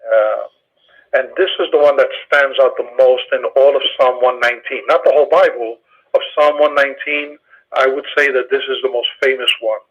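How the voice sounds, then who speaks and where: A man in a study session explaining Hebrew grammar in a methodical, hesitant way, pausing often with fillers. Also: medium pitch, steady tone, breathy edge, highs cut off. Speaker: study group participant.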